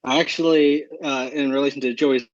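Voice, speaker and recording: A man who is a podcast guest over a video call, speaking in a slightly halting, shy way. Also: mid-range voice, fairly even intonation, no room sound, lo-fi sound. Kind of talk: casual chat.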